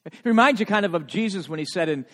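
A middle-aged male pastor preaching a sermon, swinging from loud, emphatic passages to hushed ones and repeating words when moved. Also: sits high, animated, fast. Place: church sanctuary. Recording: long reverb of a large hall.

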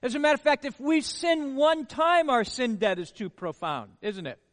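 A man's voice: very high-pitched, animated, moderate pace. A male pastor preaching a sermon, full of rhetorical questions and words repeated for emphasis. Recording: long hall reverb.

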